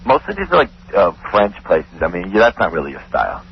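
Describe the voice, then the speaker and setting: A man who owns a restaurant, chatting casually on a radio show, laughing often and flattering the host. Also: low voice, quick pace, vocal fry, slightly rough. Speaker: restaurant owner calling in. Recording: dull radio broadcast with faint hiss.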